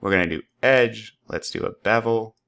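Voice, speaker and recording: A man walking through a software tutorial, upbeat and playful, making little sound effects as he works. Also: on the low side, moderate pace, creaky. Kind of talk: screen-recorded tutorial.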